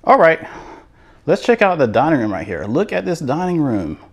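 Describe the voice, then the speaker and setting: Enthusiastic male home-tour host, lively up-and-down delivery, casual and chatty. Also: a little high, fairly quick, slightly rough. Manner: enthusiastic, chatty, repeats words. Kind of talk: casual walkthrough narration. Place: inside a manufactured home show model.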